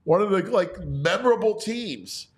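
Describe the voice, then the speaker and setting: Animated, high-pitched male sports host. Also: normal speed. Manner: animated, restarts sentences, leans on "you know". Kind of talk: casual sports radio chat.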